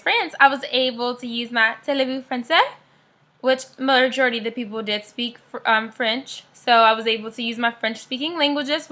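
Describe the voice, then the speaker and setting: A woman's voice: high-pitched, bright, forceful tone. A young American woman chatting casually in a vlog, upbeat and rambling with frequent fillers. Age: young adult. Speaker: vlogger.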